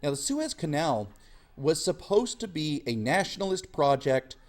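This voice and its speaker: A man's voice: on the high side, big pitch swings, normal speed. Sarcastic young male history teacher. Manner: sarcastic, slangy, acts out quoted voices. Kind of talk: casual classroom lecture.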